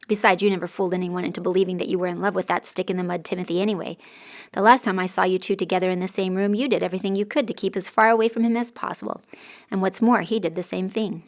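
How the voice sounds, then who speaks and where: A woman's voice: lowish voice, steady tone, fast, close to an everyday voice. A woman voicing a smug, teasing young man who mocks the heroine.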